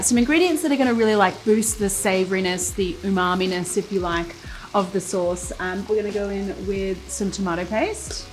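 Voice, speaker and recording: A woman hosting a casual cooking demonstration, chatting through each step as she cooks in a kitchen. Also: mid-range voice. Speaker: cooking show host. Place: home-style kitchen, cooking at the stove. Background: sizzling pan and soft music.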